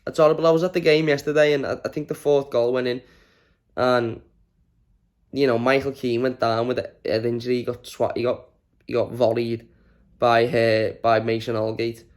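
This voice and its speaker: A worn-out man rants about his team's loss straight to camera. He sounds exasperated and drained, swears freely, and pitches at an ordinary middle register for a man. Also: level tone, normal speed. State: exhausted from little sleep. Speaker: fan channel host. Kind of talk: post-match reaction rant to camera.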